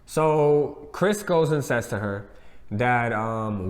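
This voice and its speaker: A man co-hosting a casual reality TV review, animated and slangy, acting out what the cast said. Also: medium pitch, slow pace, long reverb tail. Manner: animated, acts out quotes with slang. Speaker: co-host.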